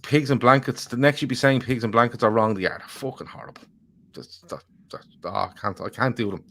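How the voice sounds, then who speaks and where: A man's voice: mid-range voice, fairly quick, creaky, fairly bright tone. A man co-hosting a casual football podcast, rambling, swearing freely and joking as he reads viewer comments. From Ireland. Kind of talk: casual chat.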